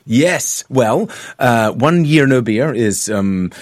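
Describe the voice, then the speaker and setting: Relaxed, conversational man, dry sound. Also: mid-range voice, slow, no echo. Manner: relaxed, conversational, many fillers and rhetorical "right?". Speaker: podcast guest, founder of a sobriety program. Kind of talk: casual interview.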